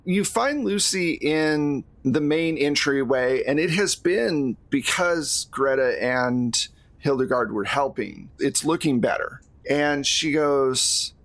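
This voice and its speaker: A man narrating as the game master of a tabletop role-playing game, relaxed and talkative, laughing easily. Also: medium pitch, slow pace.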